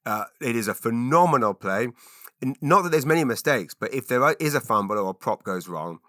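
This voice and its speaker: A man's voice: medium pitch, lively intonation, a little fast, bright, forceful tone, no room sound, clean studio sound. A man hosting his own podcast, talking alone in an enthusiastic, rambling way with lots of fillers and restarts. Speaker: podcast host. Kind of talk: casual solo podcast monologue.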